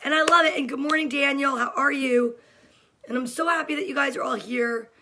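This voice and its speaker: A woman's voice: high-pitched, fairly even intonation, brisk, creaky, pushed and bright, slight background noise. A woman hosting a cheerful daily livestream for kids from her home, chatting casually and greeting viewers by name. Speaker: host of a daily kids' livestream. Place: home room during quarantine.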